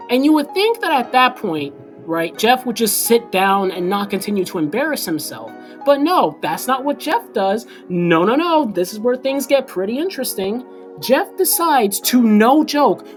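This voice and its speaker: A young woman vlogger telling a story time in casual slang, animated and chatty. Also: fairly high pitch.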